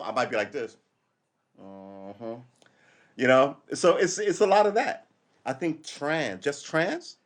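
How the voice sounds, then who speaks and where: Male podcast host, live casual commentary, opinionated rambler, mid-range voice. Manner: rambling, opinionated, jumps between loud outbursts and low asides.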